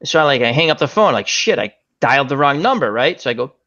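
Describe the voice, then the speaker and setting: A man's voice: mid-range voice, lively intonation, quick pace, sharp tone, dull audio. A middle-aged man hosting a casual chat show, telling joking stories and acting out the people in them. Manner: joking storyteller, acts out voices in anecdotes. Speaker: host.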